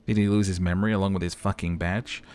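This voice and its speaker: A man's voice: deep voice, fairly even intonation, quick pace, a little mellow, clean tone, faint music behind, lightly acted. Impatient partner cop , man voicing, sweary, exasperated. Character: foul-mouthed impatient male police partner.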